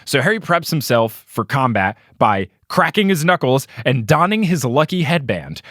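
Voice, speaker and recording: A man hosting a podcast, recapping a story in a casual, animated way and reading quotes with playful emphasis. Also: medium pitch, moderate pace, dry recording, studio quality. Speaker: podcast host.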